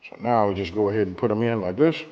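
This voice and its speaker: Talking straight to his audience with frequent check-ins, a man hosts a relaxed, colloquial cooking demonstration. He has a lowish voice and a quick pace, and the sound is lo-fi.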